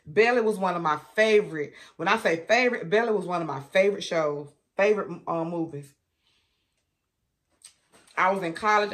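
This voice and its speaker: A woman's voice: lowish voice, a bit bright. A woman, chatting casually to viewers as a food vlogger and laughing often.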